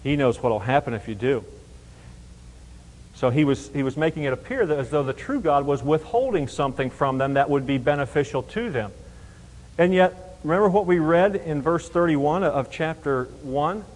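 A man's voice: a little high, animated, normal speed, darkish tone, big-room sound, rough recording. A man teaching a Bible passage verse by verse, emphatic and explanatory, often asking rhetorical questions.

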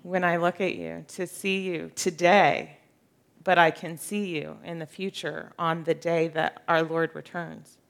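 A woman's voice: deep voice, expressive, unhurried, creaky. A woman teaching a casual Bible study, earnest and conversational, with frequent fillers and light laughter.

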